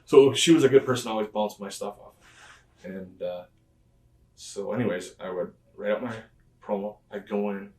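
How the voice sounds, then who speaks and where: The interview guest is a professional wrestler with a lowish, slightly mellow voice and a moderate pace. He retells past conversations in a rambling way, full of fillers, as the interview drifts into storytelling. An echoey room and a far-off mic shape the sound.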